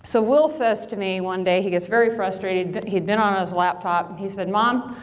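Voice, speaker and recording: A middle-aged woman from Illinois who runs a farm business, telling a story to an audience with lively acted-out quotes and self-mocking asides. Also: mid-range voice, normal speed. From Illinois, USA. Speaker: farm business owner and speaker. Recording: long hall reverb.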